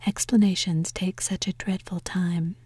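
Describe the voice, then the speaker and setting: A woman's voice: lowish voice, steady tone, darkish tone, husky, no echo. Woman whispering as the bossy Gryphon. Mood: impatient. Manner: brisk and impatient. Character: impatient bossy male griffin. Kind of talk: whispered role-play.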